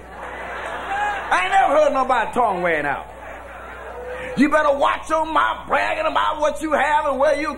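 A man preaching a sermon as pastor, shouting in a folksy preaching cadence. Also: very high voice, creaky, slight background noise. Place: church with congregation.

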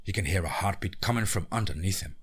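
A man's voice: sits low, lively intonation, quick pace, slightly rough. A man narrating a scripted horror story in a dramatic, tense present-tense reading.

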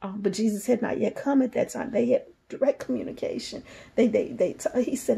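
A woman minister reading scripture aloud and preaching on it, moving between hushed passages and emphatic repetition. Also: on the high side, moderate pace, gravelly, slightly rough. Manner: reads scripture then preaches freely, shifts from soft whispers to fervent emphasis.

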